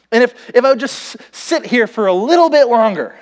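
Animated, high-voiced man preaching. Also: brisk, hardly any pauses. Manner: animated storytelling, quotes himself and others. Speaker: pastor. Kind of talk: sermon with acted-out illustration.

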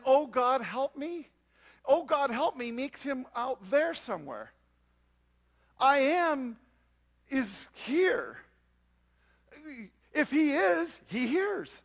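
A male pastor with an extremely high-pitched voice and a gravelly, creaky edge. He delivers his sermon to the congregation and keeps checking in with rhetorical questions. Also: fairly bright tone.

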